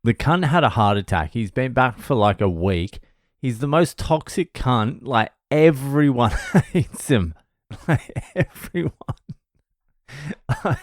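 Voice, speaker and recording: A man's voice: mid-range voice, slow, dry recording, studio quality. A young man, a comedian, telling a blunt, sweary workplace story in a casual vlog. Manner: blunt, sweary, animated ranting with mocking voices. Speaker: vlogger, comedian.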